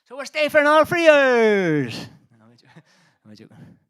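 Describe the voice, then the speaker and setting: A man's voice: very high voice, very animated, normal speed, fairly bright tone. Breathless, swearing man on a gig stage. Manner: sweary, self-mocking jokes. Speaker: band frontman. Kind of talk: between-song banter at a live gig. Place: live music venue streamed online. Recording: live gig with band music behind.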